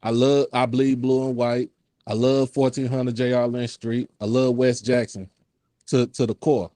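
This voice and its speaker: A man's voice: mid-range voice, little pitch movement, a little slow, mellow, dry recording. A man guesting on a live sports chat over his phone, talking earnestly with many restarts and fillers. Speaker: guest who runs his own sports live stream. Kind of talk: casual live-stream chat. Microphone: phone on a call.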